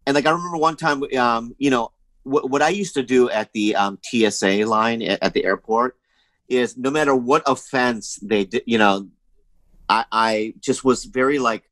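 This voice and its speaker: A man's voice: medium pitch, normal speed, a bit bright, no room sound, poor audio. Rambling man telling stories, dry close sound. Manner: rambling storytelling with many fillers; acts out other people's voices in anecdotes. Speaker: podcast guest, comedian. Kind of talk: casual chat.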